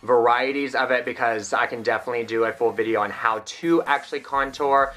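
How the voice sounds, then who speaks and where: A man's voice: medium pitch, brisk, fairly bright tone. A young man chatting through a makeup tutorial in a casual, self-mocking way. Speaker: vlogger.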